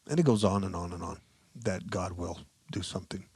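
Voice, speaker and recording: A man preaching a sermon with passion, repeating phrases for emphasis and swinging between low mutters and loud, stressed scripture readings. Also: fairly even intonation, a little fast, breathy edge, no room sound.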